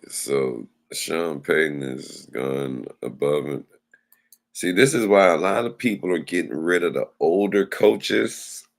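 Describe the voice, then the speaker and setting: A man hosts a casual sports talk livestream, addressing his viewers loosely as y'all. His voice sits extremely low with a rough, gravelly fry. He speaks slowly and unhurriedly. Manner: loose, chatty, talks to the audience as y'all. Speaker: sports show host.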